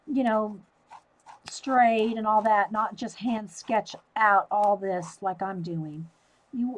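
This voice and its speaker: A woman's voice: a little high, a little mellow, rough recording. A woman with a Southern US accent, chatting casually on a livestream while she draws. She talks to viewers by name and laughs often. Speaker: livestream host. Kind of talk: casual live-stream chat while drawing.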